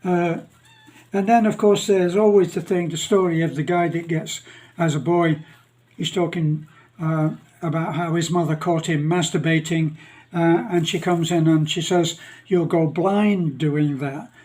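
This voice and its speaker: An older man with a Northern English accent, telling jokes and stories in a rambling, chuckling way with many pauses. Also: a little high, little pitch movement, a little mellow. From England. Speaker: channel host. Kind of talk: casual storytelling monologue.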